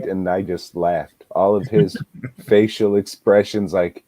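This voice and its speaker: With a deep, dark voice, a steady tone and a slow pace, a man co-hosts a movie review podcast with no room sound. In laid-back, casual chat, he retells a film, swearing a lot and laughing as he goes.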